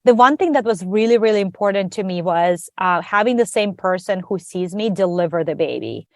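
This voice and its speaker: A woman guest on a podcast, telling her story in a lively, conversational way and acting out the voices of others. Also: mid-range voice, brisk, no room sound, studio quality. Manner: animated, acts out quoted dialogue.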